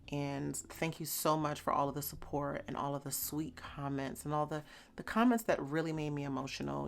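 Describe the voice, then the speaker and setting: Young woman vlogger, low gravelly voice, chatty and heartfelt delivery to camera. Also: a bit bright. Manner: chatty and heartfelt, with frequent fillers. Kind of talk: casual talk to camera.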